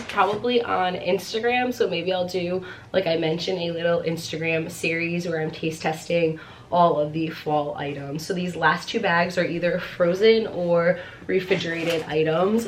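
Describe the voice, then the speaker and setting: A woman's voice: lowish voice, a little hiss or hum. A pregnant young woman chatting at home through a casual haul vlog, gushing with lots of fillers and short of breath. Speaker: vlogger.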